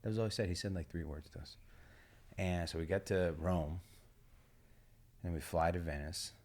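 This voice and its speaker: A man co-hosting a podcast, telling a rambling travel story in a relaxed way, swearing and laughing. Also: deep voice, moderate pace. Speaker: podcast co-host. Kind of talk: casual storytelling chat.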